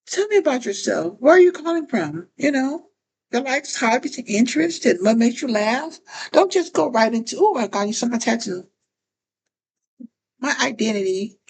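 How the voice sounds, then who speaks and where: A woman's voice: high-pitched, big pitch swings, normal speed, slight background noise, low-quality recording. A woman giving casual talk-to-camera advice as a phone chat operator, often repeating phrases and restarting sentences.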